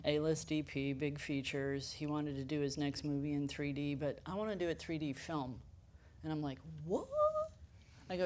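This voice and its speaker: A woman's voice: deep voice, a little mellow, slight background noise. A woman who manages a camera rental house tells stories on a panel, acting out the quoted lines and laughing often. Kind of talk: panel discussion storytelling.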